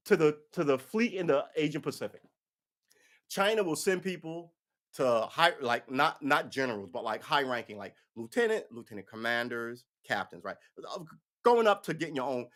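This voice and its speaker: A man's voice: a little high, fairly bright tone. A man giving casual, profane political commentary on a livestream, ranting and slipping into mocking voices.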